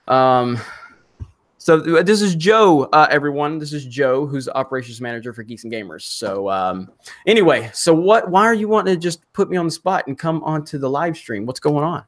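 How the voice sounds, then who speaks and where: Casting: man from Alabama, young adult stream host, loose rambling delivery, slightly high voice. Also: lively intonation, fairly bright tone. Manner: rambling, many fillers and restarts, quick laughs. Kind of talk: casual live stream chat.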